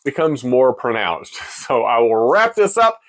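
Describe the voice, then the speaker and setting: A man's voice: mid-range voice, measured pace. A man hosting a casual beer-tasting video, chatty and joking about his own pronunciation. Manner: chatty, self-mocking, lively. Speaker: beer reviewer, video host.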